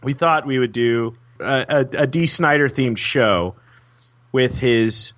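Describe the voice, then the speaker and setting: A man's voice: medium pitch, takes it slowly, fairly bright tone. A man co-hosting a comedy podcast in casual chat, joking and laughing as he teases. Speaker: podcast co-host.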